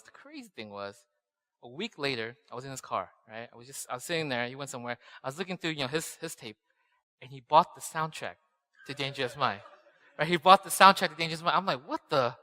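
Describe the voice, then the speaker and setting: A man's voice: on the high side, bright, forceful tone. A man in his thirties preaching a conversational sermon, telling personal stories and often checking in with "right?". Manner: chatty storytelling, often asks "right?". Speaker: pastor. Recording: long reverb in a church hall.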